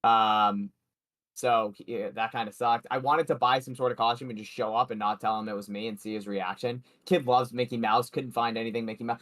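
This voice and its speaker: A man's voice: medium pitch, fairly bright tone. A man co-hosting a sports betting livestream in casual, loose chat, swearing freely and talking a lot. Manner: loose, profane and chatty.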